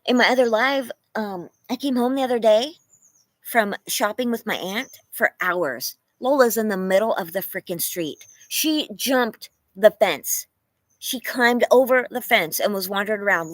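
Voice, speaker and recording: A young woman from California chatting casually on a livestream from her home, animated and laughing often as she thanks viewers by name. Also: mid-range voice, normal speed, dry recording, rough recording. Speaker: livestream host.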